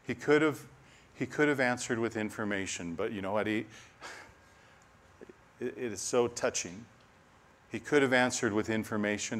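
A man preaching a sermon, animated with laughing asides, dropping to a soft hush on key lines. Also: fairly low pitch, moderate pace.

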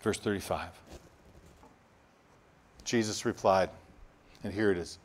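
A man's voice: fairly low pitch, a little slow, pauses often. A male pastor preaching a sermon, acting out the crowd's voices and laughing as he goes. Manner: animated, acts out voices of the crowd, laughs often.

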